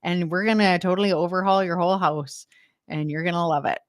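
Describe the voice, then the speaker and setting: With a fairly low, fairly even voice that runs a little fast, a Western Canadian woman hosts a decluttering livestream in Canadian English. She chats casually and enthusiastically with viewers, laughing often, and the studio-quality audio has no echo.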